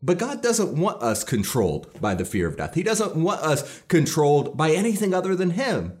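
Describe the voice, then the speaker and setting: A man's voice: fairly high pitch, sing-song, normal speed, a little mellow. A pastor preaching a sermon in an earnest, emphatic way, stressing key lines as he builds his points.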